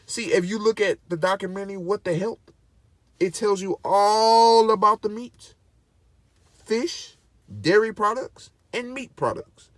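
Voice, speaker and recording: A man's voice: high-pitched, fairly even intonation, measured pace, a bit bright, dry recording. A man vlogging in casual to-camera commentary, emphatic and preachy, repeating his points over and over.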